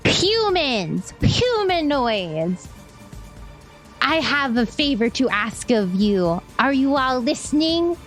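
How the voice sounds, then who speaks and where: A woman's voice: high voice, sing-song, slow, faint music behind, full character voice. A woman voicing a scheming awakened animal leader who makes a grand speech declaring a coup, giggling as she goes. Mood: grandiose.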